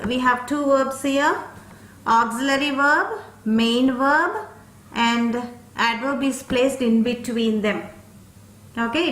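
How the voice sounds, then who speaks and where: A woman's voice: on the high side, fairly bright tone, reverberant. A woman teaching an English grammar lesson, explaining step by step and checking in with "okay?" after each point.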